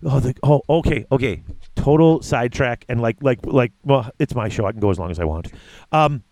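A man's voice: mid-range voice, fairly quick, darkish tone. A man hosting a casual hobby podcast, rambling and chatty, with frequent restarts. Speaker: podcast host.

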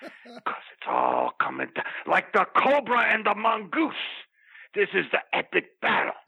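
Man putting on a raspy wrestler persona, high-pitched, gravelly, boastful promo rant. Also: huge pitch swings, normal speed, bright, forceful tone, full character voice, low-quality recording. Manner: bellowing promo-style rant, threatening and grandiose. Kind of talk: comedic wrestling promo parody.

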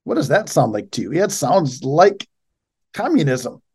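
A man's voice: a little high, very animated, moderate pace, darkish tone, breathy edge. A man hosting a show, reading out a news article and mocking it with sarcastic commentary. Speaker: show host.

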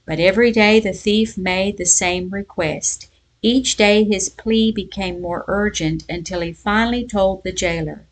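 A woman giving a devotional Bible lesson and reading a folk tale aloud in a measured storytelling voice. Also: medium pitch. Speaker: Bible teacher.

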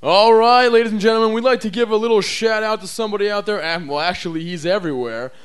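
A man's voice: sits high, fast talker, clean tone. A man making a theatrical mock announcement and singing a greeting.

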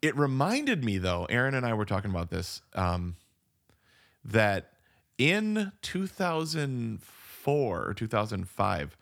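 A man co-hosting a podcast, joking and chiming in with quick agreement. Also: fairly low pitch, big pitch swings, creaky, fairly bright tone. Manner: lots of short agreeing replies, jokey. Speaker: podcast co-host. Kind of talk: casual movie-review chat.

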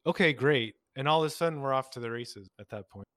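A man, a couples therapist, explaining his approach in a relaxed conversation and acting out exchanges with clients. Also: mid-range voice, quick pace, no room sound, studio quality. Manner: explains with acted-out client dialogue. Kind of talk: podcast conversation.

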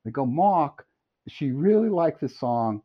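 Middle-aged male podcast guest, lively storyteller, swings pitch a lot, dull lo-fi sound. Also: measured pace. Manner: animated, laughing storyteller. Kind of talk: storytelling anecdote. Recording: dull lo-fi audio.

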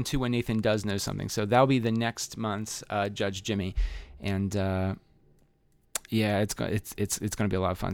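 A man's voice: fairly low pitch, clean tone, no echo. A man hosting a live comedy podcast, rambling and self-deprecating, laughing easily. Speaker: podcast host. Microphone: podcast mic.

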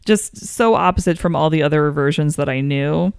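Enthusiastic woman with a smooth, dry voice. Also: sits low, dry recording. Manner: enthusiastic, animated, quick to laugh. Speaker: podcast co-host. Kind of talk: casual chat.

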